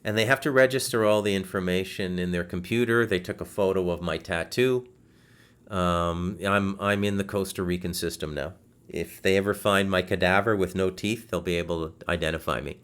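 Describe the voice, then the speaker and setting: A man hosting a podcast over a video call, telling a frustrating story in a casual, animated way, swearing and restarting his sentences. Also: deep voice. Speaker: podcast host. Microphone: video call setup.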